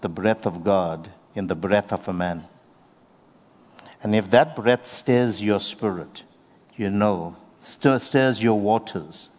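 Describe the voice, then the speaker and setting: A man with a lowish voice preaches in an earnest, unhurried way, drawing out key phrases for emphasis. His words ring with the long reverb of a large hall. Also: a little mellow. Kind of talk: sermon.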